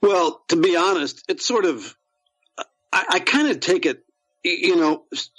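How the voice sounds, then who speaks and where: A man's voice: high-pitched, expressive, measured pace, a bit bright, no room sound, low-quality recording. A man, an actor, chatting as a podcast guest, rambling with many fillers and restarts. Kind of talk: casual interview chat.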